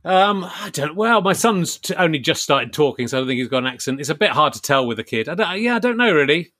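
A man from Yorkshire hosting a relaxed podcast conversation. His voice is forceful and bright, and it sounds dry, with no room sound. He comes across as chatty and self-mocking. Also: a little high, quick pace, no room sound. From Yorkshire, England. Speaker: podcast host. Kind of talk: casual podcast chat.

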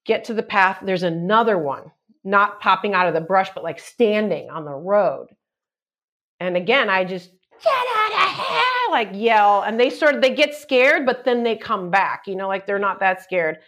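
A middle-aged woman, a comedian guest, telling a story on a chat podcast with lots of acted-out shouts and quotes. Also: medium pitch, lively intonation, moderate pace.

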